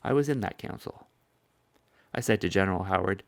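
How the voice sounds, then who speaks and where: A man reads a historical first-person account in a measured, solemn voice that sits low and gravelly. The recording is close and dry, with no room echo. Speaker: narrator. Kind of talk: solemn reading of a historical speech.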